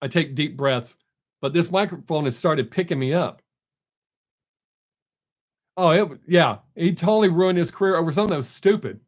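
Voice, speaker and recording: A man's voice: a little high, moderate pace, pauses often. Blunt, chatty man. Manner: blunt, talkative, storytelling. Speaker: live stream host. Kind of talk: casual chat with viewers.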